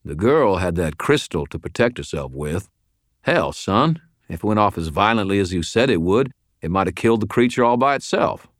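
A man voicing a gruff, folksy old male wizard mentor who talks bluntly and with a slow drawl, in an audiobook reading. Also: lowish voice, big pitch swings, dry recording, studio quality, voice pushed up. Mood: reproachful. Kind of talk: audiobook character voice.

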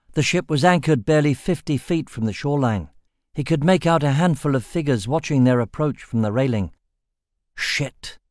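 A man narrating an audiobook at a medium pitch, reading steadily and evenly. The sound is close and dry, with no room around it. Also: a little mellow, no echo. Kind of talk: scripted narration.

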